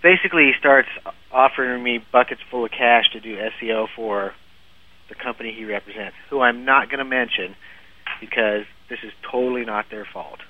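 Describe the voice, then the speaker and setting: A man's voice: mid-range voice, fairly quick, a little hiss or hum. Chatty man telling a story on a tinny line. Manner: animated anecdote-telling, laughs often, frequent restarts. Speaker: guest storyteller. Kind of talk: casual podcast chat. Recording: phone-like lo-fi, dry.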